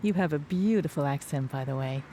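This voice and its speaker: A woman's voice: low voice, a little fast, warm tone, slight background noise, close to an everyday voice. A woman playing a friendly, flirty local who chats with a stranger. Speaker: bookshop worker met on the street.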